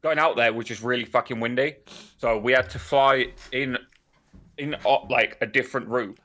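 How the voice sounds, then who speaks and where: Guy on a podcast, bright voice, laughs and swears a lot telling a story. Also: mid-range voice, steady tone, moderate pace. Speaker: podcast co-host. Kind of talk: casual storytelling chat.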